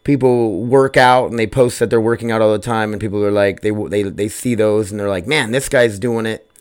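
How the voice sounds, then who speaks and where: Male podcast host, solo, casual and self-deprecating, rambles and loses his thread, low-to-mid voice, home mic. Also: fairly even intonation, brisk, clear, resonant tone. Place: home recording setup. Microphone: desk microphone.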